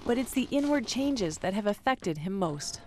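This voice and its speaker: A narrator reading a scripted documentary voice-over in an even, measured way between interview clips. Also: medium pitch. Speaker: program narrator.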